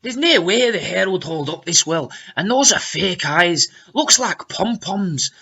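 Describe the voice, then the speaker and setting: A man's voice: high-pitched, lively intonation, a little slow, creaky, sharp tone, breathy edge, muffled recording, pitched above the performer's own voice, full character voice. A man mockingly voicing an indignant female online commenter in a put-on Scottish accent. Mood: disapproving.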